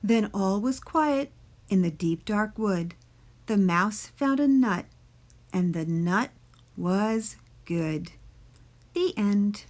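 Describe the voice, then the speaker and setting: A woman's voice: medium pitch, lively intonation, takes it slowly, long pauses, darkish tone. A woman children's librarian reading a story and explaining a craft patiently to young kids.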